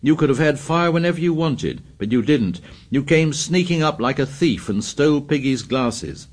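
A man's voice: fairly high pitch, animated, moderate pace, voice pushed up. Male narrator as earnest boy chief, firm, insistent, a bit raised. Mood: indignant.

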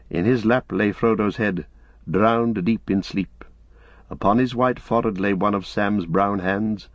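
A man narrating an audiobook with measured storytelling, on a dull lo-fi recording. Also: fairly low pitch, no echo.

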